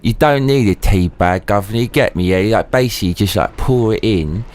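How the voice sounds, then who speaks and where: A man's voice: fairly low pitch, lively intonation, fairly quick, darkish tone, natural voice. A man voicing a swaggering cockney street geezer who talks in heavy slang.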